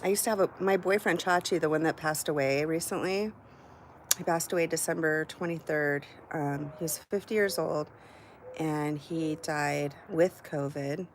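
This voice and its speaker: Chatty, low-voiced woman on a home livestream. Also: moderate pace, slight background noise. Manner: chatty, candid, swears casually. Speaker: live-stream host. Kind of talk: casual chat with live viewers. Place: at home, indoors.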